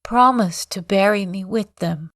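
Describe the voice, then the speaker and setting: A woman's voice: medium pitch, unhurried, a bit bright, dry recording, studio quality, lightly acted. A woman reading the part of a grief-maddened old man, bitter and raving, in a storybook reading. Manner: anguished, bitter, raving cries.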